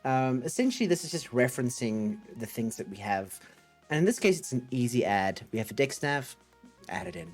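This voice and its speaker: A man's voice: mid-range voice, expressive, brisk, darkish tone, soft background music. A man hosting a casual coding livestream, thinking aloud and chatting with viewers in a rambling, upbeat way. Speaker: livestream host.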